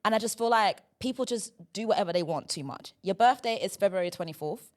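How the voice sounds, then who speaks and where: A woman hosts a comedy podcast in loose, joking chat. She is playful and talkative. Her voice sits at an everyday middle pitch. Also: expressive, quick pace. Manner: playful, leans on "do you know what I mean". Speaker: podcast host.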